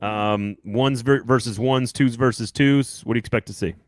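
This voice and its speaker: A man hosting a sports podcast, talking quickly in a loose, rambling way and cracking jokes with his co-host. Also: mid-range voice, steady tone, dry recording. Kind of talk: casual sports chat.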